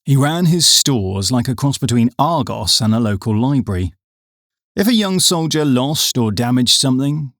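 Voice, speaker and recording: A man reading a comic audiobook with wry, deadpan storytelling. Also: mid-range voice, no room sound, studio quality. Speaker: audiobook narrator.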